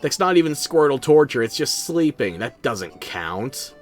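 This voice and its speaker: A man's voice: mid-range voice, very animated, measured pace, faint music behind. A tired man streaming a video game, talking in a sardonic, theatrical way. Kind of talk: game commentary.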